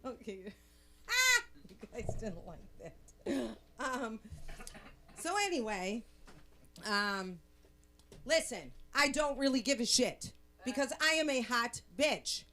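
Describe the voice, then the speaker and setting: A middle-aged woman doing a stand-up set, brash and bawdy. She takes her time and lets each line land slowly. Her voice is bright and sharp. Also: fairly high pitch, lively intonation. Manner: brash, bawdy, slow deliberate delivery. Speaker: stand-up comic.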